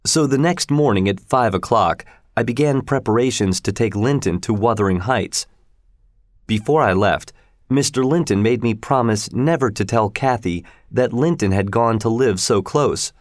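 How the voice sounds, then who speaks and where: Man narrator, measured storybook read, dry close sound. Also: medium pitch, dry recording. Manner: slow, measured reading.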